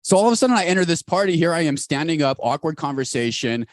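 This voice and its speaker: Man, podcast co-host, lively swooping voice, quick animated storytelling, very dry sound. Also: dry recording. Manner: rapid, animated storytelling with big pitch jumps. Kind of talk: casual podcast chat. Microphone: recorded over a video call.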